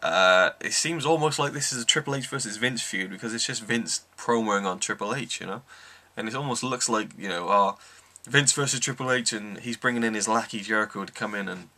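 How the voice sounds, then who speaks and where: A man's voice: lowish voice, fairly quick, few pauses, bright, forceful tone. A man giving an enthusiastic, rambling wrestling review, full of ums. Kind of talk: casual review monologue.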